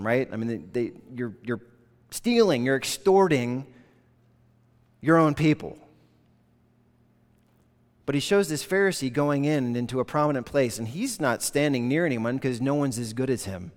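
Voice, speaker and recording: A man preaching a sermon, earnest and conversational, mid-pitched, acting out the people he quotes. The voice carries a long reverb of a large hall. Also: expressive, normal speed. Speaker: pastor.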